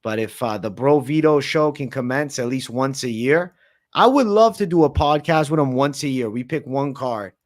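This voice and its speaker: Brief: man, livestream host, relaxed slangy chatter, mid-pitched everyday voice. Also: normal speed. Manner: slangy, laid-back, chatty. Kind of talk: casual late-night livestream Q&A.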